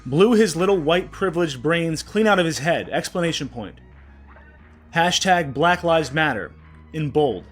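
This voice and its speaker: A man hosting a commentary vlog, talking with raw anger and swearing, his voice dropping low when upset. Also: lively intonation, unhurried, soft background music. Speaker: political commentary vlogger.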